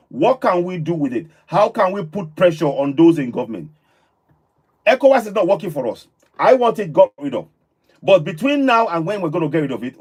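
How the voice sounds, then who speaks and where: Husky-voiced man hosting a live stream. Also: on the high side. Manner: soft-spoken, emotional, thanking callers warmly. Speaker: host.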